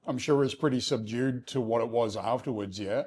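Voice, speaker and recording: A man's voice: medium pitch, brisk, darkish tone, slight background noise. A man hosting a casual interview, laid-back, with short reactions and casual swearing. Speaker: host, interviewer.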